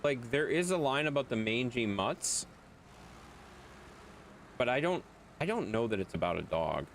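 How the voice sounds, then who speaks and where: Lively-pitched, jokey game streamer. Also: measured pace, a little hiss or hum. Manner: loose and jokey, talking to chat, swears freely. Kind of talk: casual live-stream chat.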